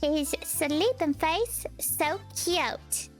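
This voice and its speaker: A cutesy young schoolgirl, as a woman puts her on, her voice pitched high and swooping all over. She speaks slowly and in a prim, sing-song way, with faint game music behind. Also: expressive, heavily acted. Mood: teasing. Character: sweet teasing young schoolgirl. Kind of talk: game character voice.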